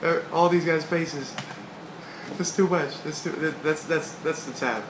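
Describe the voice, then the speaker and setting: Reading a comic aloud a little slowly, this host has a slightly high voice. He's relaxed and slangy as he comments along, recorded in an echoey room with hiss behind him.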